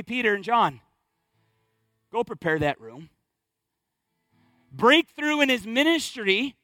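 A male pastor preaching a sermon with passion, acting out scenes with sudden shouts and hushed drops. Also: extremely high pitch, no echo.

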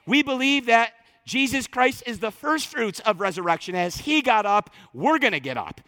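A man preaching a sermon as pastor, animated and emphatic, acting out quoted speech. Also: very high-pitched, normal speed, big-room sound.

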